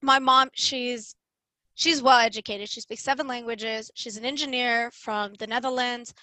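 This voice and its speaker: Brief: young woman, high bright voice, chatty casual storyteller, close dry sound. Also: normal speed, no room sound, rough recording. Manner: animated, chatty, lots of "like" fillers.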